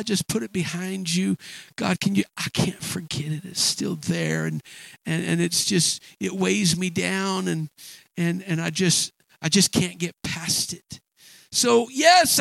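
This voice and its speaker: A male preacher delivers a sermon in a halting, emphatic style and keeps doubling back on his words. His voice sits a little high and has a gravelly edge. The sound is dry and close. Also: fairly bright tone, dry recording, low-quality recording.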